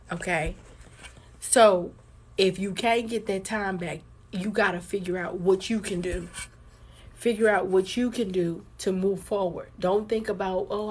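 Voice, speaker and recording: A husky, medium-pitched woman gives a casual card reading to live stream viewers while fighting a sore throat and a held-in cough. Blunt and heavy on the swearing, she repeats herself to drive points home.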